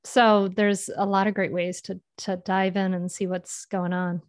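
A woman speaking as a guest in a casual podcast interview, earnest and reflective, often pausing to find her words. Her voice sits at an ordinary pitch. The recording is dry, with no room sound. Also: little pitch movement, no room sound. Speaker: podcast guest, mindful parenting author.

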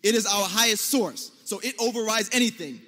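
This high-voiced man from the United States delivers a debate speech a little fast, pushing his points emphatically and forcefully and at moments almost shouting. His words echo with the long reverb of a large hall.

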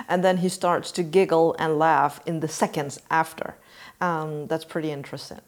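Low-voiced woman explaining earnestly. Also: steady tone, normal speed. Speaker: podcast host. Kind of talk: casual talk to listeners.

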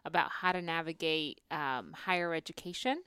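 Smooth-voiced female interview guest. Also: sits low, normal speed, bright, forceful tone, dry recording. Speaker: guest, immigration advocate.

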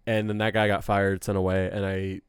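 A man's voice: deep voice, level tone, brisk, clean tone, no room sound, clean studio sound. A man in casual chat, telling profane, joking stories about work.

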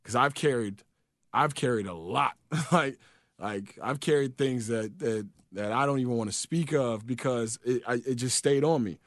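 A man in casual chat, an animated storyteller who swears freely and acts out quotes. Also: medium pitch, normal speed, no room sound, studio quality.

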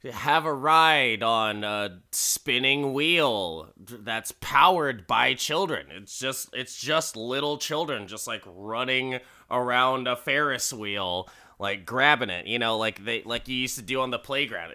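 A man's voice: medium pitch, bright, forceful tone. A man casually and crudely recapping a story, rambling and laughing at his own jokes. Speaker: podcast host recapping an episode.

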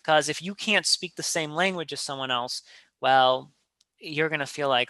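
Bright, animated man telling stories. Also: fairly high pitch, normal speed, dry recording. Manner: animated storyteller, many restarts and filler words. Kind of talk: casual conversation.

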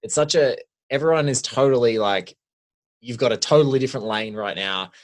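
Male podcast co-host, chatty and animated, lots of "like", mid-pitched. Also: brisk. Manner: animated, heavy use of "like". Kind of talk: casual film chat.

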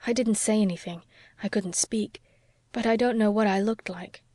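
A woman's voice: medium pitch, fairly even intonation, normal speed, dark tone, no echo, natural voice. A woman voicing a restless, passionate young woman in anguish, read with fervent, pleading delivery in an audiobook. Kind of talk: audiobook character reading.

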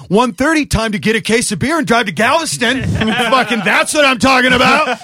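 A man telling rowdy band-tour stories in casual chat, swearing freely and loudly acting out the people he quotes. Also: extremely high pitch, brisk. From Irish heritage. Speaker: podcast guest, musician.

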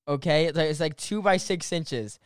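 Animated young man telling a rambling story. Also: on the high side, normal speed. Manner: rambling, full of "like" fillers and restarts; animated, swears and laughs through the story. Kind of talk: casual anecdote telling.

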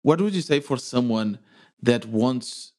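A man's voice: mid-range voice, animated, unhurried, a little mellow. A man hosting a podcast, interviewing a guest with friendly, open questions. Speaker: podcast host.

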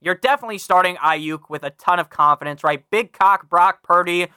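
Brash, bright-voiced sports podcast man. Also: high voice, brisk, smooth, no room sound, clean studio sound. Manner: brash, swears freely, talks to listeners directly; reads a sponsor ad. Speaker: fantasy football podcast host. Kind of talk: casual profane sports analysis.

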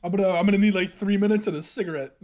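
A man's voice: high-pitched, very fast, crowd noise. A man co-hosting a podcast in casual chat, joking and laughing often. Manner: giggly, joking. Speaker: podcast co-host.

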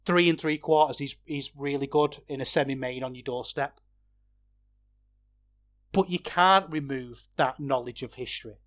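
A man hosting a podcast, giving a rambling, opinionated wrestling review that gets animated when he is worked up. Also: fairly high pitch. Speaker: podcast host.

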